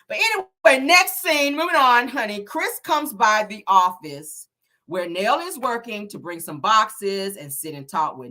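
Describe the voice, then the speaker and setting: A woman in her thirties, the host, recapping a reality show in sassy, animated casual chat and calling everyone honey and girl. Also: medium pitch.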